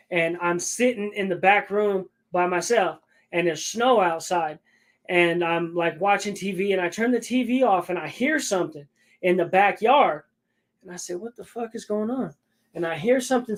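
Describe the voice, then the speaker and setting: A man telling a long story in casual chat, rambling and stopping often to check in with the listener. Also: high voice. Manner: rambling, keeps checking in with "right?".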